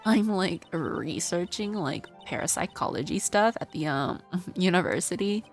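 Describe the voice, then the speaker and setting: A woman's voice: on the low side, lively intonation, measured pace, soft background music. A woman voicing a ditzy young valley-girl witness in a video game, speaking with a Valley Girl accent and filling every phrase with "like.". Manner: says "like" constantly, hesitant. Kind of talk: reading game dialogue aloud.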